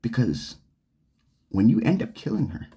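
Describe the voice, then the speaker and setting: A man's voice: mid-range voice, sing-song, a little slow, creaky, mellow. A man delivering an angry, profane, sarcastic rant straight to the camera. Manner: swearing, heated, sarcastic. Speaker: vlogger.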